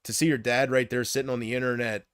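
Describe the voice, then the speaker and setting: A man's voice: medium pitch, flat delivery, quick pace, fairly bright tone, clear, resonant tone, no echo, clean studio sound. A man chatting casually on a livestream, rambling from thought to thought and often trailing off.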